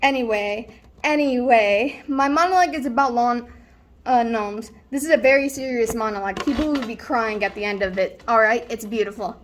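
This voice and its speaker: A woman's voice: on the high side, moderate pace, slight background noise, natural voice. A young woman performing a stage monologue as a rambling, boastful slacker student who tells a wild story with lots of fillers. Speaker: student actor. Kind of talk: stage monologue, self-recorded.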